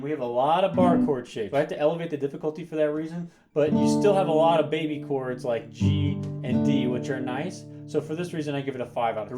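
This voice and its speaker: A man giving a guitar tutorial in an upbeat way, explaining chords and counting beats aloud while he strums. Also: fairly high pitch. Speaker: guitar teacher. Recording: guitar playing under the voice. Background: loud guitar.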